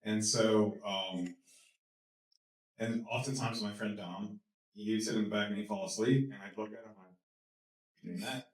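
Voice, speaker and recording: A man as a guest speaker at a talk, telling a story with lots of energy, laughing and repeating words as he gets excited. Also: fairly low pitch, moderate pace. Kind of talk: animated storytelling in a Q&A. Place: lecture hall. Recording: echoey hall, mic from a distance.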